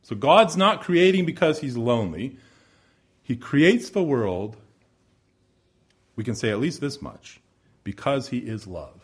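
A man preaching a sermon, building emphatic repeated phrases and dropping to hushed low endings. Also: big pitch swings, measured pace, long pauses, husky. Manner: repetitive rhetorical build-ups.

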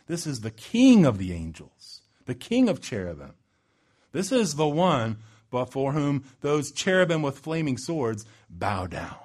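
Dramatic male preacher. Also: big pitch swings. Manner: dramatic swings in pitch and loudness, slows for emphasis. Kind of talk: sermon.

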